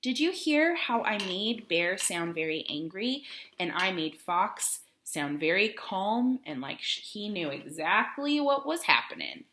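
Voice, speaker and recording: A woman teacher giving a recorded reading lesson for children, expressive and encouraging, asking questions along the way. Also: fairly low pitch, unhurried.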